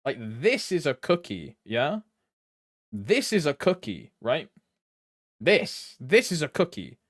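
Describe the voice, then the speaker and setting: Rambling British man, lively voice. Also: fairly high pitch, takes it slowly, no room sound, studio quality. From Britain. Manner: rambling, swears casually, chats with viewers while playing. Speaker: game streamer. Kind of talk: casual live-stream chat.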